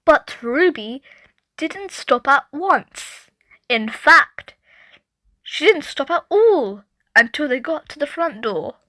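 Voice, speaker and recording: A woman reads a children's picture book aloud in a high, bright voice. Her storytelling is lively and expressive, taken at an unhurried pace with wide swings of pitch. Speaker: storybook reader.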